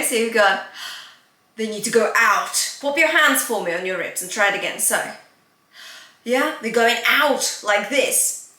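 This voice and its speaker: High, bright-voiced woman vocal coach. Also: reverberant. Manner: encouraging, checks in often with "yeah?" and "okay?"; breaks into sung demonstrations. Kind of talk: singing lesson.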